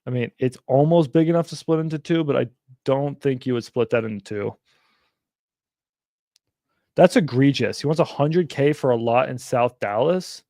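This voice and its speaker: A man's voice: mid-range voice, animated, normal speed, vocal fry, a little mellow, no room sound, clean studio sound. A young man hosting a casual livestream, talking bluntly and animatedly, with frequent swearing. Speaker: livestream host.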